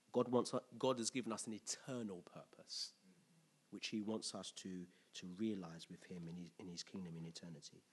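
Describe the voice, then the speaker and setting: A man preaching a conversational sermon, telling stories with lively impressions. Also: on the low side, normal speed. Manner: storytelling with animated impressions and laughter.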